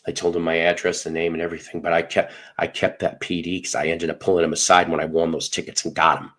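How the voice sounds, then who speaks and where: Podcast host, middle-aged man, very low voice, animated storyteller who swears freely. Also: fairly quick, hardly any pauses. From Northern Illinois. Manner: animated, profane storyteller acting out dialogue. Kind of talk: casual storytelling chat.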